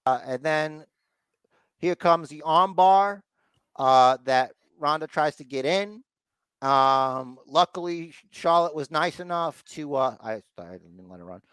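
Animated man recapping wrestling. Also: a little high, unhurried, smooth, no echo. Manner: acts out wrestlers' lines in mock voices. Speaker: podcast co-host. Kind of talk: casual wrestling recap chat.

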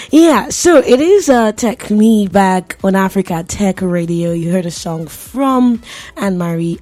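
A woman's voice: medium pitch, darkish tone. Playful chatty woman radio host. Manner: playful, chatty, laughs often, talks to listeners directly. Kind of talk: casual radio chat.

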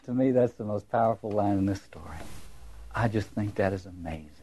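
A man's voice: on the low side, a little fast, dark tone. A man giving a lecture on literature and religion. He muses aloud, repeats his words and asks rhetorical questions.

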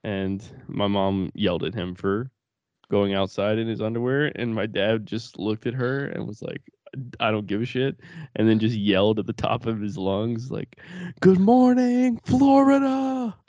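A young man with a low voice tells family stories in a loose, rambling way, swearing freely and laughing through his words. He is recorded close on a dry podcast mic. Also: fairly even intonation, moderate pace, a little mellow, no room sound, muffled recording. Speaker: podcast co-host. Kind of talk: casual chat.

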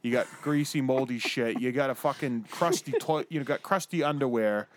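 A man's voice: mid-range voice, normal speed. A man in casual, profane podcast banter, rambling with lots of fillers and restarts.

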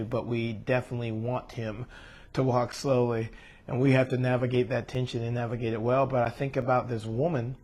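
A man's voice: mid-range voice, a little mellow. Earnest man preaching. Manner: earnest, emotional, rhetorical questions to listeners. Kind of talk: scripture reading and sermon.

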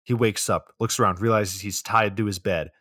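Low-voiced man swearing through a plot recap. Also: fairly even intonation, moderate pace, bright, forceful tone, no echo, clean studio sound. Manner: loose, profane plot recap. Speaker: podcast co-host. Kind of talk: casual chat.

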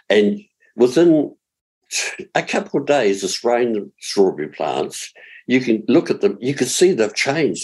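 A man's voice: fairly low pitch, darkish tone, breathy edge. An older man with a New Zealand accent giving chatty gardening advice on a radio talk show, explaining steps patiently and spelling words out. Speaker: gardening expert.

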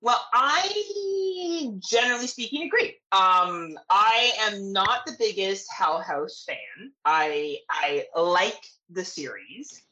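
A woman's voice: medium pitch, expressive, takes it slowly, sharp tone, poor audio. A young woman from Canada co-hosting a horror podcast, chatting casually, playful and crude, often laughing. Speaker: podcast co-host. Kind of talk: casual chat.

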